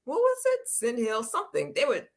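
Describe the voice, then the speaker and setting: A woman's voice: fairly high pitch, huge pitch swings, a little fast. A woman co-hosting a casual gossip chat, blunt and scoffing in her takes. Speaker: co-host.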